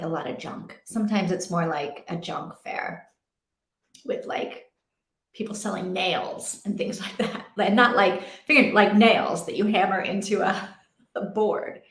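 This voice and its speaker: A woman's voice: medium pitch, measured pace. A young adult woman hosting a casual read-along stream from home, chatting in a rambling way and laughing often. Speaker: livestream host. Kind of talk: casual chat. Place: home in Portugal. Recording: roomy echo.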